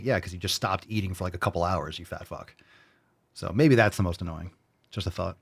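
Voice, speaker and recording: A man's voice: sits low, fast talker. A man hosting a fitness show in casual livestream chat, brash and joking, swearing freely.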